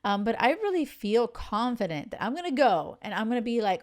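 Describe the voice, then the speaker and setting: A woman's voice: a little high, sing-song, a little fast, darkish tone. A woman hosting her own podcast as a dating coach, talking casually and candidly to listeners, heartfelt and full of "like" and "you know" fillers. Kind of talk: casual solo podcast talk.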